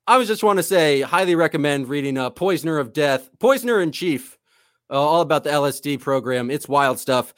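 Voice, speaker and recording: A man co-hosting a podcast in loose, casual chat, rambling along as the self-styled goofball of the pair. His voice sits a bit high for a man. The sound is dry and close, with no room in it. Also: lively intonation, a little fast, no room sound. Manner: self-described eccentric goofball, rambling and enthusiastic. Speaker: podcast co-host.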